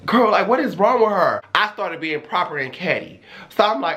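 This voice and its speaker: Sassy high-voiced young man telling a story. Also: normal speed. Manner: sassy, dramatic, animated. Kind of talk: storytime vlog.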